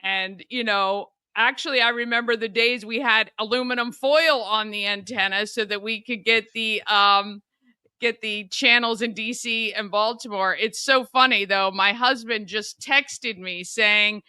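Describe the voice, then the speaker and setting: Bright, crisp-voiced chatty woman host. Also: a little high, fairly even intonation, measured pace, dry recording. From United States. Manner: chatty, laughs easily. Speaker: morning show host. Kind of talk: casual chat.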